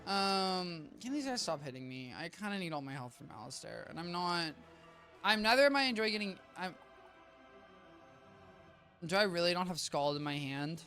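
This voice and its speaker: A man streaming a game, chatting casually with viewers in a rambling, self-interrupting way, a little tired and low on energy. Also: very animated, moderate pace, long pauses, pushed and bright. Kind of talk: casual live-stream gameplay chat. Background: game music.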